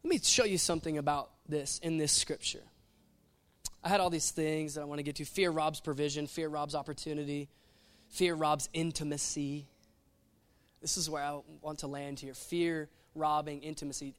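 A man preaching a sermon in an animated, playful way, acting out little quotes as he goes. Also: a little high, moderate pace.

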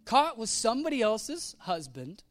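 Lively high-voiced male preacher. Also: normal speed, no room sound, faint music behind. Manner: animated storytelling, acts out quoted voices; casual slangy preaching. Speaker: pastor. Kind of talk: sermon.

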